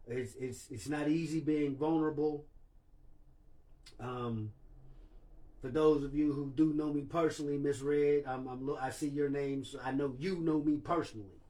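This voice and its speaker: A man's voice: medium pitch, mellow. A man hosting a livestream, talking candidly and emotionally and swearing freely. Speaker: livestream host.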